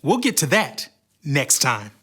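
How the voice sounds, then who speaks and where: A man narrating a scripted Bible story for children in an expressive way. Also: medium pitch, measured pace, breathy edge.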